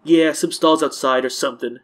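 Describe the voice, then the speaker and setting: A man's voice: fairly high pitch, steady tone, a little fast, fairly bright tone, close to an everyday voice. A man reading a curt, paranoid schoolboy. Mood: suspicious. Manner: curt, suspicious, blunt. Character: paranoid, conspiratorial teenage schoolboy. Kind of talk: reading game dialogue aloud.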